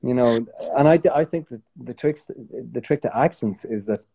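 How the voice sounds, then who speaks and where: A man's voice: medium pitch, normal speed, gravelly, breathy edge. An Irish man who is a guest actor, chatting casually and rambling with lots of restarts. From Ireland. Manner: rambling, self-correcting, relaxed. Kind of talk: casual chat.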